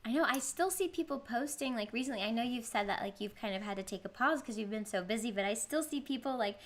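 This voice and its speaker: A woman hosting a casual interview, encouraging her guest with quick affirmations and questions. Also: fairly high pitch. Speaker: host.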